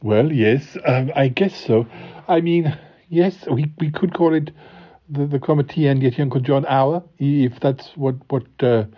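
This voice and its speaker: A man's voice: mid-range voice, a little slow, muffled recording, natural voice. A man playing a scruffy, laid-back male podcast co-host who chats and teases his partner, in improvised comedy banter.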